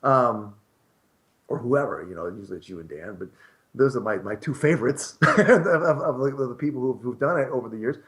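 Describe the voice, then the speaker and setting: A man's voice: mid-range voice, expressive, brisk, fairly bright tone. Rambling, laughing radio host man. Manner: rambling, self-deprecating, laughs often. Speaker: show host, interviewed as guest. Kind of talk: casual radio interview chat.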